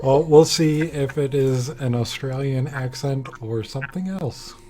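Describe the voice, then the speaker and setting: A man serves as game master for a tabletop game, taking his time over his words with plenty of pauses and easy laughter. His voice sits at a middling pitch and moves at an unhurried, drawn-out pace, while a murmur of crowd chatter carries on behind him. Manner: slow, hesitant, with frequent laughs.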